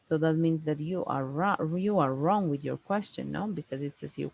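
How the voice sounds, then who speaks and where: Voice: mid-range voice, gravelly, darkish tone, dull audio. Patient English teacher. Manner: patient, explains slowly, ends points with "no?" and "right?". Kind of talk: one-on-one online grammar lesson.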